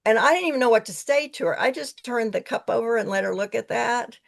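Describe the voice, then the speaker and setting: Female guest, earnest rambling storyteller with a gravelly, creaky edge. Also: fairly high pitch, quick pace. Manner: earnest, rambling, with frequent restarts. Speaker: podcast guest, tea leaf reader. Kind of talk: casual storytelling conversation.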